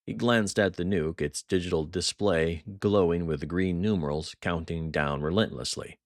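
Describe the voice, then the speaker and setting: A man narrating a thriller audiobook in a measured, dramatic way. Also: low-pitched, dry recording, clean studio sound.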